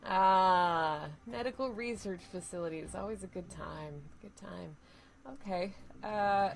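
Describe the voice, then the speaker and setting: A woman's voice: mid-range voice, unhurried, vocal fry. A young woman streaming a video game, chatting with viewers, greeting them by name and talking through her moves. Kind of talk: casual game streaming chat.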